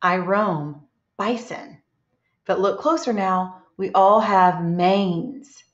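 A woman teaching a reading lesson to young children, reading aloud slowly and gently and stopping to ask them questions. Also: mid-range voice, fairly even intonation. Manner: slow, gentle, asks children questions and pauses. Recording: echoey, dull lo-fi room sound.

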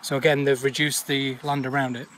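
A man, chatting casually as he walks an overgrown old railway path outdoors, often pausing on "uh". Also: mid-range voice, little pitch movement, fairly bright tone, a little hiss or hum. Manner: chatty, with frequent "uh" pauses. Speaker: urban exploring vlogger. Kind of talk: casual walk-and-talk commentary.

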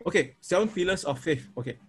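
A man's voice: high voice, expressive, quick pace, slightly rough. A man teaching a sermon on prayer, repeating himself and acting out prayers in an informal way. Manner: repetitive, informal, demonstrates prayers aloud. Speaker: preacher.

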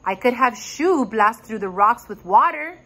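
A calm, helpful storybook boy who talks in a steady, sensible way, voiced by a woman reading aloud. Bright tone with a husky edge and slow, even pacing. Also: fairly high pitch, exaggerated voice.

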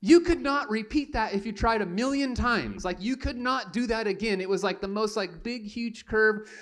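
A young man preaching to his church, telling a childhood story with animated, self-mocking humor and acted-out voices. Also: sits high, moderate pace. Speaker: pastor. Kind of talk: storytelling sermon. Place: church sanctuary.

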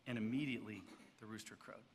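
A man preaching a sermon as pastor, swinging between loud emphatic stretches and hushed, soft passages. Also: fairly low pitch, steady tone, fast. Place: church sanctuary. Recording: church hall reverb, faint background noise.

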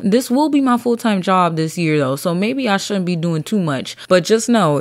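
A woman's voice: on the low side, animated, moderate pace, hardly any pauses, no room sound, studio quality. A young adult woman hosting a solo podcast, talking in a blunt, profane and rambling way. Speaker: podcast host. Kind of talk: casual solo podcast chat.

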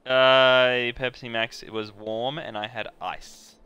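A man streaming a game live on a headset, chatting casually in an excitable, joking, self-deprecating way. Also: medium pitch, takes it slowly, smooth, no echo, highs cut off.

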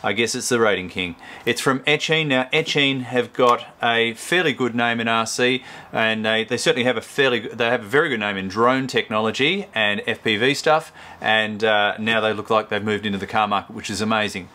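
A man's voice: fairly low pitch, a little fast, pushed and bright. A man hosting a casual product review, chatting and rambling as he unboxes, often correcting himself mid-sentence. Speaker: host.

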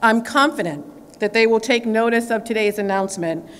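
A woman's voice: on the high side, normal speed, clear, resonant tone. A woman attorney general giving a formal speech at a press conference, with the occasional filler. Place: government press event room. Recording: reverberant hall with faint background noise.

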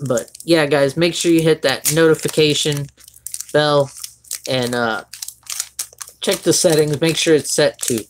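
A man's voice: a little high, steady tone, measured pace, pauses often, slight background noise. Young man, Floridian Southern accent, casual live-stream chat, rambling, friendly to viewers. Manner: chatty, rambling, greets and thanks viewers by name. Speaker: streamer opening trading card packs.

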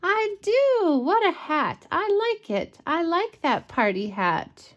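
A woman voicing a cheerful male dog who admires a party hat, in a squeaky, delighted picture-book voice. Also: very animated, slow pace, exaggerated voice.

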